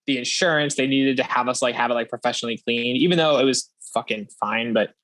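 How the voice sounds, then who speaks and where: A man's voice: medium pitch, fast, a bit bright. A young man hosting a podcast, chatting casually and rambling with frequent swearing and laughter. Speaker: podcast host. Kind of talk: casual chat.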